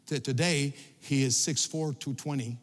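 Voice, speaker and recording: A middle-aged man preaching a sermon, often repeating words and restarting, building to loud emphatic peaks. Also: medium pitch, steady tone, normal speed. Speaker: pastor. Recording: long hall reverb.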